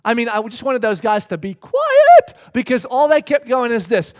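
A middle-aged man preaching a sermon, telling a story with swings from hushed lines to shouts. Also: very high voice, wildly swooping pitch, normal speed, hardly any pauses. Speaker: pastor. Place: church hall with congregation.

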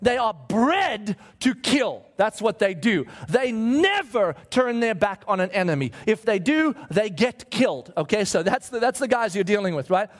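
A male pastor preaching a sermon, telling the story with animated asides and acted-out voices. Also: high voice, moderate pace, hardly any pauses.

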